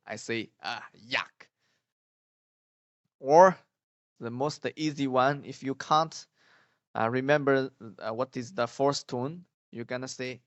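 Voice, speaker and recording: A man teaching Mandarin tones, speaking haltingly with many fillers and repeated words, and saying example sounds out loudly. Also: medium pitch, no room sound, dull audio. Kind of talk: language lesson.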